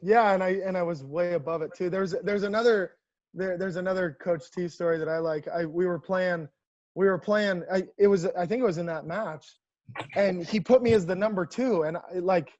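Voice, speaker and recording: A man, a professional baseball coach, telling stories in a casual, animated way over a video call. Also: sits high, dry recording, lo-fi sound. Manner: animated, lots of restarts and laughs. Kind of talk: casual storytelling.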